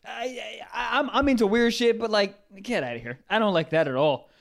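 A man laughing and reacting loudly in casual crude podcast banter. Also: sits high, normal speed, creaky.

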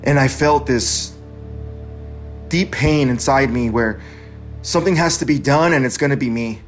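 A man's voice: mid-range voice, a little slow, faint music behind. A man from California in his thirties, earnestly telling his own life story and acting out the dialogue he recalls. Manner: earnest, acts out quoted dialogue. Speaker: veteran storyteller. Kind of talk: personal narration.

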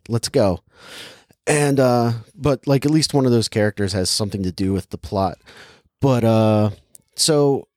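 A young man co-hosts a podcast, reviewing a movie in casual chat, rambling with lots of filler words and laughing easily. His medium-pitched voice is mellow. The recording is studio quality with no room sound.

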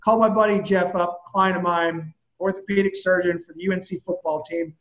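A man with a notably high voice tells his story with animated energy and casual bluntness. The sound is roomy and a bit muffled. He speaks as a guest on a casual chat. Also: normal speed. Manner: animated, vivid storyteller who swears casually. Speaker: guest, personal trainer.

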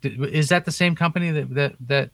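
A podcast co-host, a man, who breaks into the casual chat with quick exclamations and questions. His voice sits slightly high. The recording is dry and close. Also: creaky, fairly bright tone, dry recording. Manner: exclaiming, interjecting.

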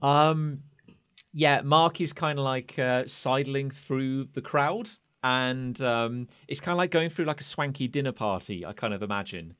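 A man's voice: mid-range voice, unhurried, a bit bright, clean tone. A man playing a tabletop game, rambling through his actions with many fillers. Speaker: player. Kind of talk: tabletop role-play narration.

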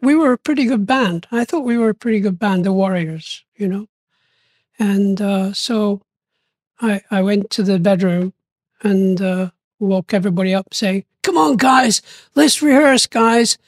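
Brief: older male guest, lively storyteller who acts out quoted voices, recorded dry and close. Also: sits high, moderate pace, dry recording. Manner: animated, acts out quoted voices, laughs often. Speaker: interview guest. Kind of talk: storytelling interview.

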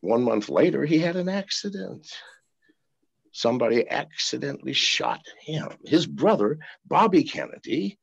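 A man's voice: medium pitch, sing-song, moderate pace, creaky, husky, highs cut off. A man talking as a podcast guest over a video call, profane and rambling. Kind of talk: casual interview.

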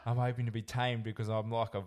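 A man voicing a cocky young man who boasts crudely in a put-on accent, a little louder than his usual talk. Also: mid-range voice, flat delivery, fast talker, natural voice. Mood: boastful.

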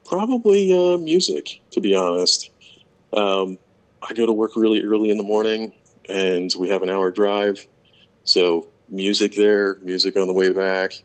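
A man from Florida answering interview questions in a relaxed, hesitant way with lots of ums. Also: deep voice, measured pace. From Florida, USA. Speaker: interview guest, pipe maker.

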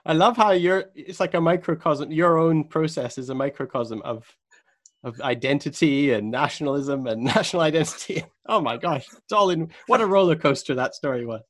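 A man's voice: fairly high pitch, normal speed. Attentive male interviewer. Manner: attentive, thoughtful, backchannels often. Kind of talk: interview conversation.

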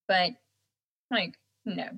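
A young woman with a softened Southern American accent, chatting casually as a guest and laughing often. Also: on the low side, very slow, breathy edge, low-quality recording. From Southern United States. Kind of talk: casual chat.

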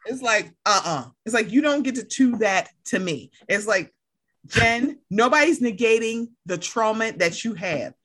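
This is a woman in casual conversation with a bright, sharp-edged voice that sits a touch high. She talks with animated, profane energy and slips easily into acted-out rants. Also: measured pace, a little hiss or hum. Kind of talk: casual chat.

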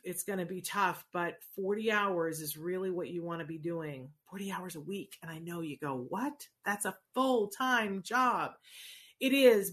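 A woman's voice: on the low side, fairly bright tone. A middle-aged woman hosting a casual advice talk, answering viewers in an earnest, encouraging way with frequent rhetorical asides. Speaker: host answering viewer questions.

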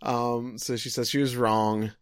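In a smooth, medium-pitched, level voice, a young man recaps an anime episode in casual chat as a podcast co-host. He jokes and acts out characters' lines in quick voices, and the studio-quality audio has no echo.

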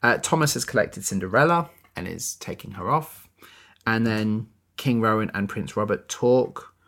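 A man's voice: lowish voice, moderate pace, a bit bright. A man co-hosting a podcast, chatting casually as he recaps a musical, with lots of "you know" and "like". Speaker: podcast co-host.

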